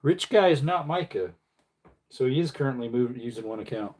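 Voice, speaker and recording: A man's voice: medium pitch, animated, fairly quick, darkish tone. A man hosting a casual livestream, mumbling and joking to his chat while he works at a bench. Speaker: livestream host.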